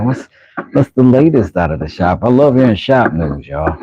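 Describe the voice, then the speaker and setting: This livestream host, a knifemaker, talks casually with his audience from the workshop and reacts out loud while working. He speaks at a normal speed in a lowish, slightly rough, sing-song voice. The audio is muffled, with no room sound.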